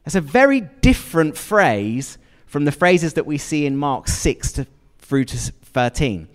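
A man delivers a sermon in a conversational way, often turning to his listeners with questions. His pitch sits a little high and moves a lot. His voice rings with the long reverb of a large hall. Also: big pitch swings, unhurried. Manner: conversational, asks the congregation questions. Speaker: preacher.

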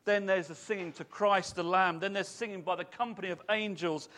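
A man with a high, light voice, delivering a sermon in a church. He talks in an animated, conversational way and turns to put questions to the people in front of him. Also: a little fast. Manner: animated, chatty, asks the congregation questions. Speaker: preacher.

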